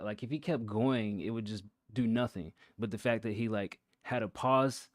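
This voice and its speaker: A man's voice: medium pitch, normal speed, few pauses, a little mellow, dry recording, studio quality. A man hosting a show, casually reviewing a rap track, talking through his thoughts with lots of fillers and restarts.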